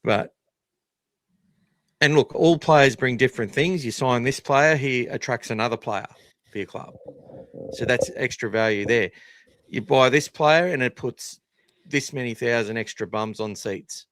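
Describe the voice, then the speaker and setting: A man's voice: medium pitch, normal speed, no echo. An Australian man hosting a live podcast, talking in a blunt, sweary, casual way. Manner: blunt, sweary, animated opinions. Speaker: podcast host.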